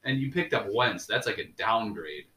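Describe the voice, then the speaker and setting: A man from Cleveland chatting casually about sports with friends in a quick, talkative way. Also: lowish voice, lively intonation, bright, forceful tone, slight background noise. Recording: echoey room.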